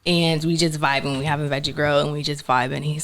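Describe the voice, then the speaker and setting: A young woman with a lowish voice tells a story in a relaxed interview. She is animated and laughs easily, slipping into the voices of the people she quotes. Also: brisk, background noise. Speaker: actress guest.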